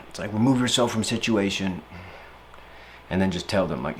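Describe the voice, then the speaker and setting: A young man talking casually about handling stress, playful and animated, often slipping into silly voices and acted-out quotes. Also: fairly low pitch, fairly quick, a little hiss or hum. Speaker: speaker reflecting on stress. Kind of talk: casual reflective monologue.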